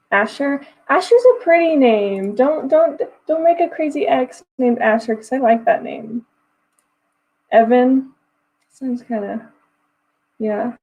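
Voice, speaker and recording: A young woman with a warm, fairly high voice hosts a writing livestream, heard on low-quality audio. Reading comments and chatting casually with viewers, she giggles often and her phrases are loose and restarting.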